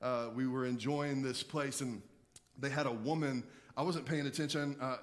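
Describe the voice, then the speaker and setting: A man's voice: medium pitch, steady tone, moderate pace. A male pastor giving a sermon with emphatic preaching and rhetorical questions to the congregation.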